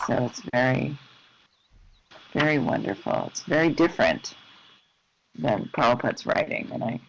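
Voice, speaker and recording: A soft-spoken host reading scripture aloud and commenting informally from home, in a slightly dull lo-fi recording. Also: medium pitch, creaky, a little hiss or hum. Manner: slow, soft-spoken and unhurried, with gentle asides. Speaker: host of an online scripture class. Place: at home in the evening.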